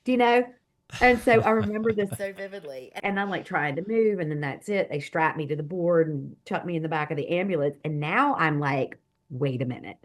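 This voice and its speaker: A woman guest telling a personal story in an expressive, animated way, swinging between hushed and loud. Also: fairly low pitch, brisk. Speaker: guest, author and speaker. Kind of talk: animated storytelling in a podcast interview.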